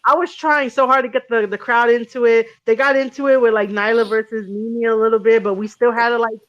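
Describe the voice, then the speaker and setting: A somewhat high-voiced woman hosts a casual podcast chat, rambling through stories with ums, false starts and casual swearing. The sound is dull and lo-fi, like an online audio room. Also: level tone, a little fast. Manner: rambling, swears freely, frequent ums and restarts. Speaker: podcast host.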